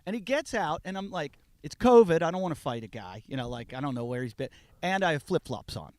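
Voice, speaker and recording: A man's voice: on the high side, fast talker, no room sound. A man telling a story on a podcast in a casual way, acting out the people in it. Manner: animated, acts out the people in his story. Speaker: podcast guest.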